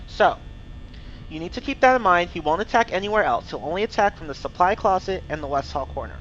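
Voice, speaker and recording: Lively young man explaining a game. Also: high voice, quick pace. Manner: cursing, exasperated outbursts. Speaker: gameplay streamer. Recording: dull lo-fi mic with faint hiss.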